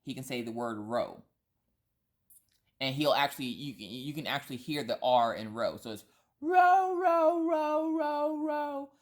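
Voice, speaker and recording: A woman's voice: extremely low pitch, normal speed. A woman in her thirties who vlogs, chatting and telling a rambling story full of asides and restarts. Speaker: vlogger. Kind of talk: casual storytelling chat.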